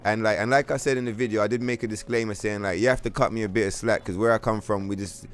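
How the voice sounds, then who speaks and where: A man with a London accent chats through a game livestream in a fairly low voice, blunt and full of swearing. He keeps up a trollish, casual banter with his viewers. Game music plays faintly behind him. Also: fairly even intonation, fast talker. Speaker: game streamer.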